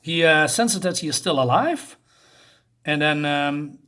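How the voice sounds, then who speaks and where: A man's voice: on the high side, animated, measured pace, pushed and bright. A man giving a casual, rambling comic book review on his channel, with lots of fillers and restarts.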